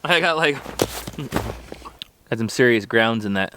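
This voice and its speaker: A man's voice: medium pitch, lively intonation, measured pace, noisy background. A man hosting his channel, chatting casually outdoors on a frozen lake in winter while eating and laughing, often talking with his mouth full. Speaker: channel host.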